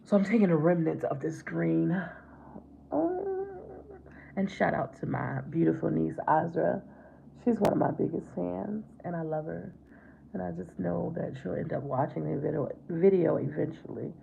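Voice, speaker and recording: A middle-aged woman chatting casually with her viewers while doing her makeup, warm to them and calling them babe. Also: deep voice, normal speed, creaky, lo-fi sound, a little hiss or hum. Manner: chatty, affectionate, calls viewers babe and baby. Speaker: livestream host. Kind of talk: casual makeup livestream chat.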